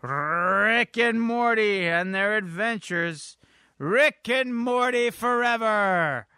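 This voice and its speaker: A man's voice: sits high, animated, takes it slowly, sharp tone, clean tone, no room sound, clean studio sound, pitched above the performer's own voice, exaggerated voice. A man doing a rambling old grandpa scientist. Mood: sentimental. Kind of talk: comic read-aloud.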